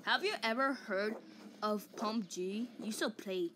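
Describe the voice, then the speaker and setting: A woman's voice: medium pitch, unhurried, bright, forceful tone, a little hiss or hum. A woman voicing a vain, hot-tempered giant male ape in a comic fan dub, taunting and boasting with mock roars.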